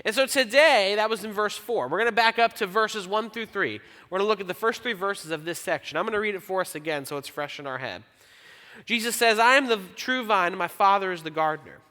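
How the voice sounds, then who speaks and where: Bright-voiced pastor in a reverberant hall. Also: male voice, high voice, expressive. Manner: conversational and self-deprecating, reads scripture slowly. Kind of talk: sermon. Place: church auditorium. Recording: long church hall reverb.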